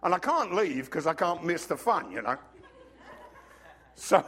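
A man preaching a sermon as pastor, telling stories with sudden swings from loud bursts to hushed asides, and he has a cough. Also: high-pitched, big pitch swings, normal speed, pauses often, slightly rough.

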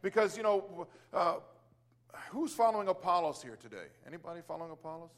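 A man with a notably high voice shares a casual faith testimony in a loose, rambling way. He restarts his sentences, leans on fillers, and breaks out into exclamations of praise as he goes. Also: expressive, brisk, fairly bright tone. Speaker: Christian business owner sharing testimony.

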